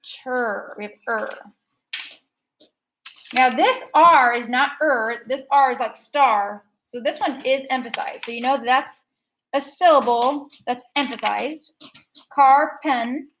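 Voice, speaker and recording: Slow, high-voiced woman teaching phonics. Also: a bit bright, slight background noise, poor audio. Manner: patient, drawn-out sound modeling. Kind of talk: recorded phonics lesson.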